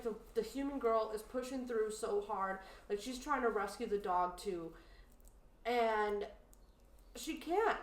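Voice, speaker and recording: A woman's voice: a little high, recorded from a distance. A woman co-hosting a casual podcast chat, telling stories with lots of "like" fillers and getting worked up. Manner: animated, indignant storytelling with many "like" fillers. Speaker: podcast co-host. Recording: roomy, from off-mic.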